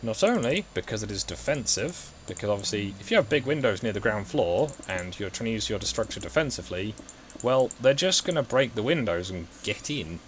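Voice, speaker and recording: A man with an English Midlands accent talks through his building plans in a low, easygoing voice. He rambles, corrects himself and mocks his own mistakes. Faint background hiss and keyboard clicks sit under his voice. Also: very animated, a little fast. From England, West Midlands. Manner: rambling, self-mocking, thinks aloud while building. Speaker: gaming video host. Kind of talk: casual gameplay chat.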